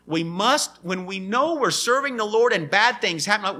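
Guy preaching a sermon, kinda high pitched, bright sound, animated. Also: moderate pace, hardly any pauses. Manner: animated preaching, acts out quoted voices.

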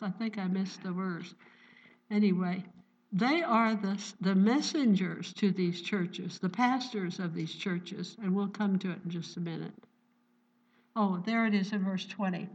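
A woman preacher works through scripture in a mid-pitched voice, breaking in with bursts of praise and asking her listeners questions. She sounds fervent and earnest. The recording is dull and lo-fi. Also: a little slow, distant mic. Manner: fervent, exclaims "Praise the Lord" and "Hallelujah" often; asks the listeners rhetorical questions. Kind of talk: Bible-teaching sermon.

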